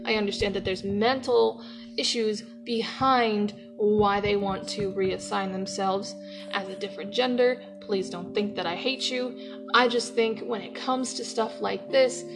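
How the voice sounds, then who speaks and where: A woman hosting an opinionated podcast rant from her workplace, heated and profane, swinging between yelling and laughing. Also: mid-range voice, a little slow, over music. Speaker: podcast host.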